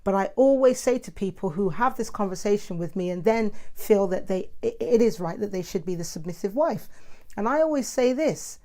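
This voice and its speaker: A woman's voice: mid-range voice, lively intonation, brisk, dark tone. A middle-aged woman, talking casually and animatedly in her own monologue, self-described as the mouthy one. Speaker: host.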